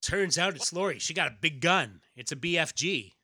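Casual podcast host narrating a comic, bright and dry, loose with fillers. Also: male voice, a little high, lively intonation, normal speed, slightly rough, no echo. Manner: narrates with frequent fillers and laughs. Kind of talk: casual chat and read-aloud.

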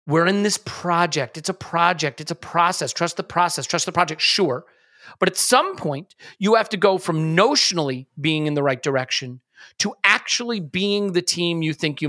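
Man, podcast host, bright clear tone, emphatic, repeats phrases for effect. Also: high-pitched. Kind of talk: casual sports podcast chat.

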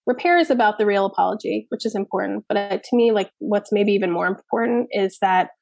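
A woman in her thirties speaks as a child therapist in a relaxed interview, her mid-pitched voice carrying a gravelly, fry-laden texture. She talks frankly, with a loose, conversational flow, and the recording is close and dry with no room sound. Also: fairly quick, no room sound. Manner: candid, frequent "like" and "you know what I mean", occasional cussing. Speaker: child therapist and parenting expert.

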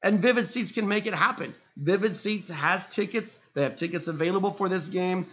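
A man co-hosting a casual sports podcast, telling stories animatedly and getting loud and high when excited. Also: fairly quick. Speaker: podcast co-host. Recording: muffled lo-fi sound.

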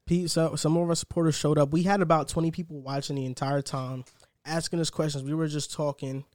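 A man's voice: fairly high pitch, level tone, brisk, darkish tone, no room sound. A young man hosting a casual sports podcast, chatty and upbeat, rambling a little as he talks. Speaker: podcast host.

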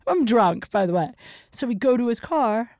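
A woman podcast host chatting casually, her voice sitting a bit high. She is blunt and profane, telling a story with lots of energy. The sound is close and dry. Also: lively intonation, normal speed, darkish tone, no echo. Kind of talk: casual chat.

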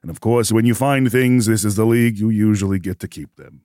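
A man running a tabletop game, voicing a bored official in a dry, deadpan way. His voice sits on the low side, close to the mic with no room sound. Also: fairly quick, no echo. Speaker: game master.

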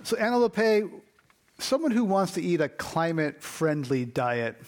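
A man hosting a panel discussion, briskly putting questions to guests by name. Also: fairly high pitch, sing-song, faint music behind. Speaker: radio show host.

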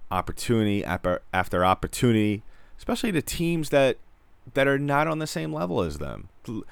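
A man giving a casual, rambling hockey recap as a frustrated fan, talking in quick restarts. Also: lowish voice, clean tone, no echo. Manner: rambling, exasperated, many restarts. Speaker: sports fan commentator. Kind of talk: casual sports recap commentary.

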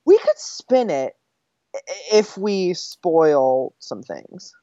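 Reading listener mail aloud, this podcast co-host keeps the casual chat chatty and somewhat scattered. Her low, mellow voice swings widely in pitch, and she talks extremely slowly. There's no echo, and the audio comes across slightly dull and dry.

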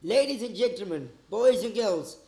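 Gravelly high showman announcer, a man. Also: lively intonation, moderate pace, heavy background noise. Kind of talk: comedy show announcing.

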